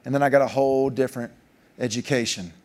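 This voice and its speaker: A man, giving a keynote speech as a joking storyteller, his voice jumping up for punchlines. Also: fast talker. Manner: animated, jokey storyteller, pitch jumping up for punchlines. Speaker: keynote speaker. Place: large conference hall.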